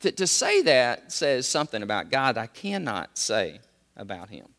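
Animated preacher in a reverberant hall. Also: male voice, normal speed. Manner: animated preaching, swinging from loud high exclamations to low quiet emphasis. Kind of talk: sermon.

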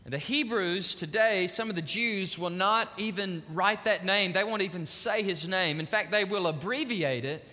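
A man's voice: high voice, normal speed, hardly any pauses, sharp tone, long reverb tail. A man preaching a sermon as pastor, with a fervent and urgent delivery.

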